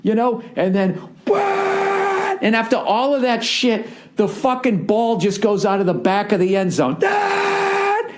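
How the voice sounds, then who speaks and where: A man in his forties with a Boston accent rants through a comedic podcast monologue. His voice sits fairly high, and he swears freely as he tells the story with lots of energy. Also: normal speed. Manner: profane, ranting, animated storytelling. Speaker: podcast host.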